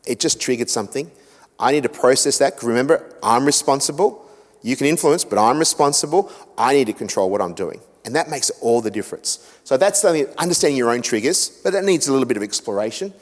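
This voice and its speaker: Lively Australian man in an echoey hall. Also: medium pitch, fast. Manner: animated storyteller, acts out quotes, self-mocking humour. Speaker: guest speaker on family relationships. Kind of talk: seminar talk to a church group. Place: church hall. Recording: echoey hall with long reverb.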